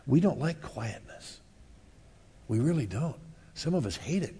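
Animated man preaching a sermon. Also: medium pitch, a little slow, breathy edge. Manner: animated, swings from loud to hushed, acts out voices; conversational, asks the congregation questions. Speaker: pastor.

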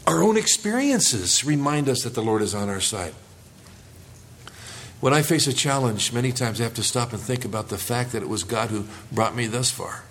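A man's voice: mid-range voice, lively intonation, moderate pace, a bit bright, a little hiss or hum. A man preaching a sermon to his congregation, lifting his voice for emphasis and calling for responses. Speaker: pastor.

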